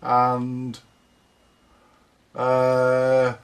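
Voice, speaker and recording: A man talks to camera in a loose, rambling way, full of ums and the odd curse. He speaks slowly, and the mic sits well away from him. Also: mid-range voice, monotone, distant mic. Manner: rambling, chatty, lots of fillers and swearing. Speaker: vintage audio repair vlogger. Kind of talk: casual workshop talk to camera.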